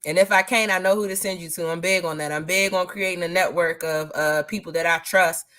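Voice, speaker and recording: Bright-voiced woman firearms instructor. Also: fairly low pitch, fairly quick. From Maryland area. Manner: laughs often, relaxed colloquial speech. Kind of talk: casual interview talk.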